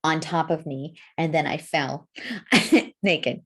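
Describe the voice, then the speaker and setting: A middle-aged woman co-hosting a podcast in casual chat, expressive, laughing a lot and swearing casually. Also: low voice, takes it slowly, husky. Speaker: podcast co-host.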